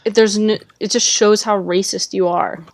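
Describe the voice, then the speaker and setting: A woman's voice: mid-range voice, steady tone, normal speed, dry recording. A woman co-hosting a podcast, talking bluntly and outspokenly in casual chat. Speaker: podcast co-host, streamer.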